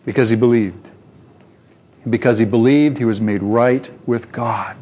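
The speaker is a pastor giving a sermon in a medium-pitched voice at a moderate pace. His storytelling is animated, with acted-out voices and rhetorical questions. The sound quality is dull and lo-fi.

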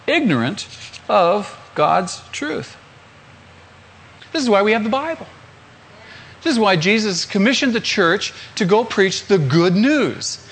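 A man's voice: sits high, fairly bright tone, a little hiss or hum. A man, a pastor, preaching a sermon emphatically, repeating phrases and asking the congregation rhetorical questions.

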